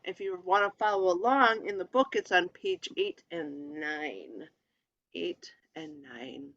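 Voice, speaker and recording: A teacher giving an informal lesson on letters and vowels, pausing often with ums and reading lists of words aloud while sharing a screen. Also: medium pitch, pushed and bright, no echo, muffled recording. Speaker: Hebrew teacher. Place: presenting a lesson from a screen share.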